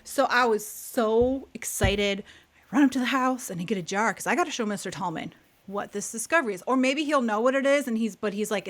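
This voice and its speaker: A woman's voice: on the high side, brisk. A woman co-hosting a podcast, telling a childhood story in casual chat, acting out quotes and laughing often. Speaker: podcast co-host.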